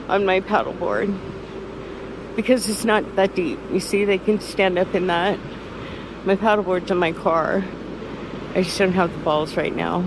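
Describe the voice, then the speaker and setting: A woman in her sixties talking slowly in a rambling, emotional vlog, often close to tears and laughing softly. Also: medium pitch, noisy background. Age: 60s. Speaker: vlogger. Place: outdoors by the water.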